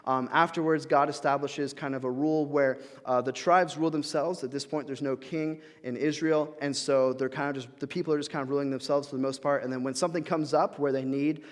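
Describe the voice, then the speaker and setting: A man's voice: fairly high pitch, fairly even intonation, brisk, few pauses. A young adult man giving a guest sermon in a church, talking casually with frequent fillers and restarts. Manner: conversational, many fillers and restarts. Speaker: guest speaker. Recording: reverberant church hall.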